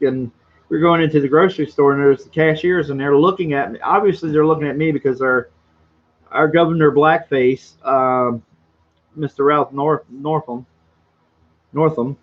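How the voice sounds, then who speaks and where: A man hosting a casual livestream and reading out chat, rambling and boisterous, with a slightly hoarse throat. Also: a little high, lo-fi sound. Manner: rambling, boisterous, self-deprecating.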